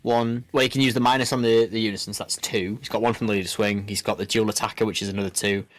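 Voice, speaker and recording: A man's voice: fairly low pitch, fairly even intonation, fast talker, dry recording, faint music behind. A man commentating a card game match in a loose, rambling way, full of restarts. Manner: rambling, lots of fillers and restarts. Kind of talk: casual play-by-play commentary.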